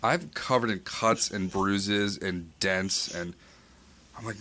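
A man hosting a casual chat, asking quick questions and telling joking stories. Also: lowish voice, sharp tone. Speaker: podcast host.

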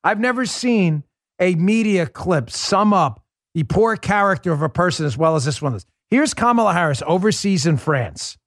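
A man's voice: on the high side, no room sound, studio quality. A man hosting a political talk show, delivering an emphatic, sarcastic monologue full of rhetorical questions.

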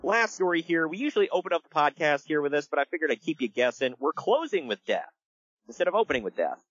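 A male podcast host talks casually, his pitch rising and falling in a lively, animated way. The sound is dry and close, a little dull and lo-fi, and he slips into quick voices as he tells a story. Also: dry recording. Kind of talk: casual wrestling podcast chat.

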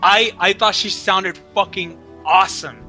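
A man's voice: sits high, unhurried, sharp tone, faint music behind. A young man co-hosting a podcast, bantering bluntly and swearing freely. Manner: blunt, profane, hyped banter. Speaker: podcast co-host. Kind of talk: casual chat.

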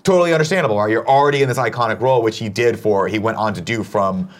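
A man's voice: on the low side, very fast. A man hosting a morning show, chatting casually and animatedly, swearing freely. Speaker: show host. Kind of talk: casual chat.

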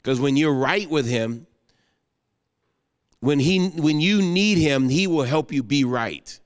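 A man's voice: fairly high pitch, lively intonation, slow pace, clean tone. Emotional preacher man in a reverberant hall. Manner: emotional, rising to exclamations then dropping soft into prayer. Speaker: guest pastor. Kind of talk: sermon.

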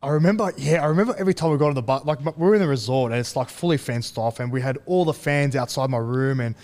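A young man, a rugby league player, talks in a relaxed, halting way with many fillers and restarts as he tells stories in an interview. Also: mid-range voice. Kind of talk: casual storytelling interview.

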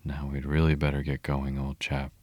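A kindly male water rat from a storybook, hearty and a little commanding, as a man reads him aloud. The voice is extremely deep and steady, with a dry, close sound. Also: normal speed, dry recording.

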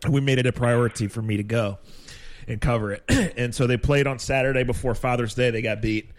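A man hosting a podcast, telling a story in a relaxed, easy way. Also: medium pitch, brisk. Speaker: podcast host. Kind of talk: casual podcast chat.

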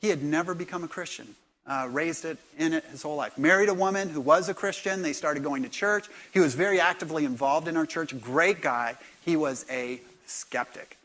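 A man preaching a sermon in church, animated, jumping from quiet remarks to loud acted-out lines. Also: fairly high pitch, a little fast. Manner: animated, acts out dialogue with sudden loud bursts. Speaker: pastor.

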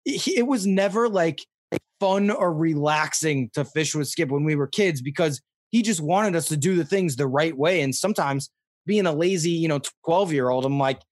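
A young man from Missouri telling stories in a casual interview, rambling and excitable with many fillers. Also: sits high, moderate pace, no echo, studio quality. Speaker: podcast guest, fishing show host.

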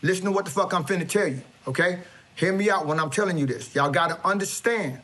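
A man's voice: sits high, quick pace, fairly bright tone. A man giving a swaggering, preachy comedic monologue with lots of stammering restarts. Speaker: comedic motivational speaker character.

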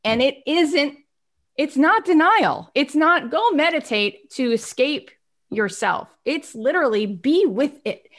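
A woman giving an expressive, animated motivational talk on personal growth. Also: fairly high pitch. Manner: expressive, acts out little scenes.

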